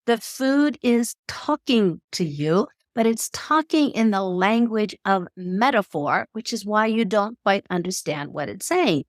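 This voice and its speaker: A woman guest on a podcast interview who explains her ideas in an expressive, storytelling way. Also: medium pitch, unhurried, hardly any pauses, no echo, clean studio sound. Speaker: podcast guest, eating expert. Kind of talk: conversational explanation.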